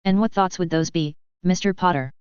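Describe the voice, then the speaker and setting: A woman's voice: on the low side, brisk, clean tone, no echo, highs cut off, lightly acted. A woman voicing a stern, grave older witch who teaches as a strict professor.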